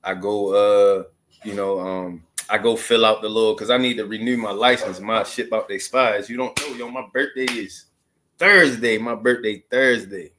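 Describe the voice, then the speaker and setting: A man's voice: lowish voice, fairly even intonation, moderate pace, sharp tone, slight background noise. Slangy man in his thirties rambling. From Maryland, USA. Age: 30s. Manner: loose, slangy street talk with many asides. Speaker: vlogger. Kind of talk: casual storytelling monologue.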